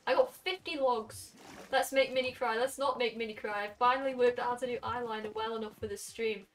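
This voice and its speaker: A young woman in her late teens with a Welsh accent, chatting casually with her stream chat while gaming and throwing in quick asides. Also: fairly high pitch, steady tone, slight background noise. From Wales. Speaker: game streamer. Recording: somewhat distant mic with faint music.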